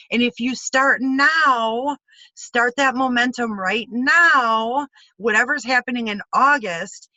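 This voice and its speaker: A woman's voice: medium pitch, no room sound, highs cut off. A woman hosting a team call, giving an upbeat, enthusiastic motivational talk. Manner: enthusiastic, exclamatory, animated quoting.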